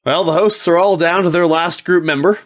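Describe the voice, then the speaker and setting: A man hosts a storytelling podcast, setting up each round and explaining the rules at an even, measured pace. His voice sits a little high for a man. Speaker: host. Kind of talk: podcast game narration.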